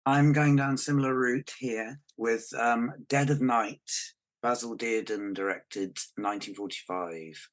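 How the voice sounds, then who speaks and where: A man's voice: mid-range voice, fairly even intonation, measured pace. A man, a guest actor on a podcast, speaking in casual chat, fluent and informative.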